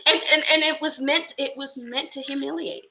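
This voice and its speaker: A woman telling a story in casual podcast chat, animated and sarcastic with mock-polite asides. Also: sits high, moderate pace, vocal fry, slight background noise, poor audio. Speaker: podcast co-host.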